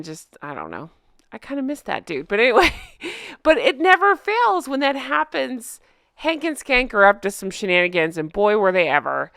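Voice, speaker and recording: A young adult woman hosts a casual chat, talking in a chatty, sarcastic way and laughing often. Her voice is smooth and clear, set in a dry, close recording with no room sound. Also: mid-range voice, fairly bright tone, no room sound. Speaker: host.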